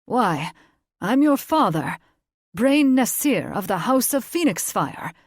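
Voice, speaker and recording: A woman's voice: on the high side, big pitch swings, takes it slowly, a little mellow, slightly rough, dry recording, studio quality, pitched above the performer's own voice, heavily acted. A woman voicing a pompous, mocking male fae nobleman, a father, speaking with haughty condescension in an audiobook. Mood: pleading.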